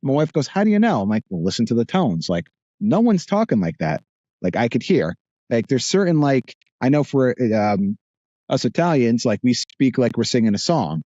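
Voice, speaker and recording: A man with a New Jersey accent, a voice actor chatting casually as a podcast guest, animated and rambling with restarts. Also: mid-range voice, normal speed, no echo, dull audio.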